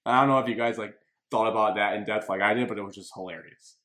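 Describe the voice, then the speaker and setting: Casual male sports podcast host, slightly low voice, lively storyteller. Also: fast. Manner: animated storytelling, laughs while talking.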